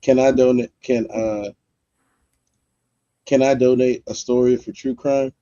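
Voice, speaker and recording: A man's voice: medium pitch, steady tone, a little slow, warm tone, no room sound, lo-fi sound. A man hosting a livestream, chatting loosely and speaking straight to his viewers. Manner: loose, talks straight to chat, lots of fillers. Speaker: livestream host. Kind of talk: casual livestream chat.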